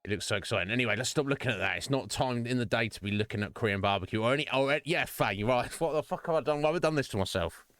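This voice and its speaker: A man's voice: mid-range voice, expressive, rapid-fire, hardly any pauses, fairly bright tone, dry recording, soft background music. A man chatting casually on his live stream, rambling and restarting his sentences and swearing offhandedly. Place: home streaming setup.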